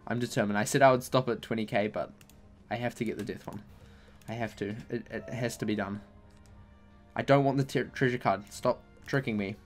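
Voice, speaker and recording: A man's voice: mid-range voice, brisk, soft background music. A young man commentating casually as he opens game packs, complaining in exasperated, repetitive bursts about his bad luck. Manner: exasperated, repeats himself, mock-angry complaints. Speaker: gaming YouTuber.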